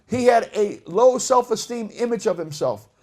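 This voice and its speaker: A middle-aged man preaching a sermon with passion, dropping to a hush and then rising to shouts. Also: high voice, animated, normal speed. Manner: impassioned preaching, swinging between hushed and shouted.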